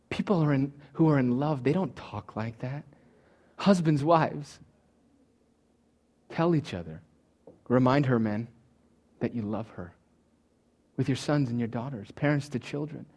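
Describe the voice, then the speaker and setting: A man preaching a sermon as pastor, rising to loud emphatic peaks and dropping to soft low asides, sometimes acting out the listener's imagined thoughts. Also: slightly rough. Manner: acts out the listener's imagined thoughts in quoted voices.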